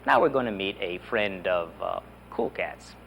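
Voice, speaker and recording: Guy running a spanish lesson, really lively up-and-down voice, keeps saying repeat after me, faint hiss behind. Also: sits low, unhurried, creaky. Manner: enthusiastic, drills phrases with repeat-after-me prompts. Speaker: Spanish teacher. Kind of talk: animated language lesson.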